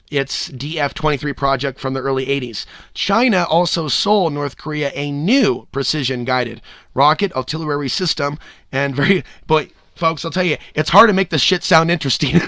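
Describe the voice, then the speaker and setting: Bright, ranting podcast host, man. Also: on the high side, dry recording, studio quality. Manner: loose and ranting, swears, bursts into loud whoops. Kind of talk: solo podcast commentary.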